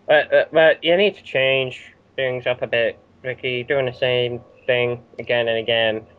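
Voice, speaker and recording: A British man hosting a casual wrestling recap chat, animated and often laughing as he acts out quotes. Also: mid-range voice, measured pace, no room sound. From Britain. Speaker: show host. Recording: dull lo-fi audio.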